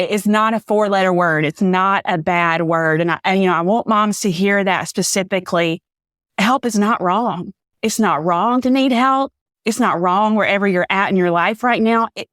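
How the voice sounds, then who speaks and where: Lower-pitched woman author as podcast guest, heartfelt storyteller, dry mic. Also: no room sound. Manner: earnest and heartfelt, repeats phrases for emphasis. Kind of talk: personal storytelling in an interview.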